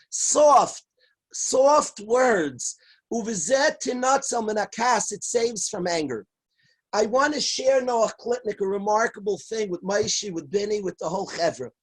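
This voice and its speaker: A man giving an earnest, emphatic Torah lecture as a rabbi, repeating key phrases and at times raising his voice to a shout. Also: very high voice, slightly rough, poor audio. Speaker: rabbi teaching a class.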